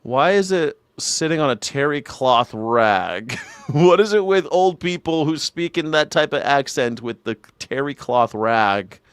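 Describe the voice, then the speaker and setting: A man's voice: fairly high pitch, animated, unhurried, smooth, no echo, clean studio sound. A man hosting a live news commentary show, reacting to clips in a profane, mocking way and laughing often.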